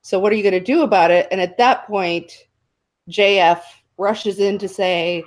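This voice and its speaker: A woman's voice: mid-range voice, moderate pace. A woman hosting an online panel, recounting a debate in a sarcastic, exasperated way. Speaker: host. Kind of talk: casual online panel chat.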